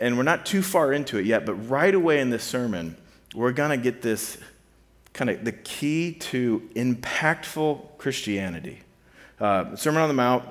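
A man's voice: medium pitch, big-room sound. A man giving a conversational sermon to a student ministry, casual and full of fillers, repeating key points for emphasis.

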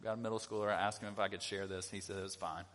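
A man's voice: fairly low pitch, steady tone, racing, a bit bright. A middle-aged male pastor giving a conversational sermon, often asking the congregation questions. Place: church sanctuary. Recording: long reverb of a church hall.

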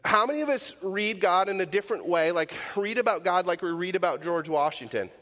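A man's voice: high-pitched, lively intonation, fairly quick, hardly any pauses, a bit bright, long reverb tail. A male pastor gives a casual, conversational sermon, asking his listeners rhetorical questions and often adding "like" and "right?".

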